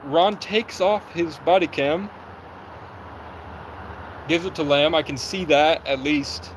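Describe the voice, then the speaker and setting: Man, young adult, slightly high voice, agitated, rapid storytelling, livestream, outdoors, faint traffic noise behind. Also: rough recording. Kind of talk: livestream monologue.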